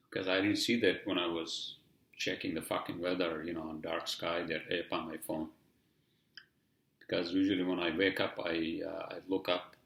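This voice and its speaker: A man's voice: sits low, vocal fry, fairly bright tone, reverberant. A man with a heavy accent hosting a podcast alone, rambling casually and swearing often, with many "you know" fillers. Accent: heavy non-native English accent. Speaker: podcast host. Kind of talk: casual solo podcast monologue.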